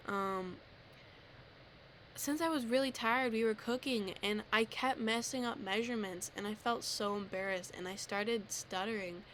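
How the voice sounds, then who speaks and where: A teenage girl vents to her camera in a loose, rambling way, tripping over filler words and putting herself down. Her voice sits at an ordinary middle pitch, with a faint hum of room noise behind her. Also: moderate pace, fairly bright tone. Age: teens. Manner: rambling, self-deprecating, filler-heavy. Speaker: vlogger. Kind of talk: casual rant to camera.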